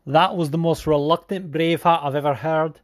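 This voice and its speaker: A man's voice: a little high, steady tone, a little fast, no room sound. A man hosting a podcast, casually answering listener questions in a joking, profane, mock-grand way. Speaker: podcast host.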